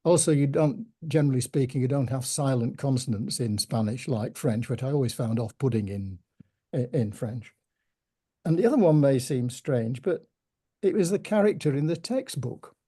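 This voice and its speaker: An older man with a Yorkshire accent, telling stories in a measured, reflective way with gentle humour during an interview. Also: medium pitch. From Yorkshire, England. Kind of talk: reminiscing conversation.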